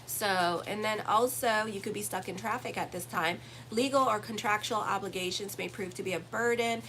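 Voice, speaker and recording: A woman's voice: mid-range voice, a bit bright, slight background noise, rough recording. A woman astrologer giving a casual weekly horoscope reading, blunt and profane, teasing her listeners. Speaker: astrologer and tarot reader.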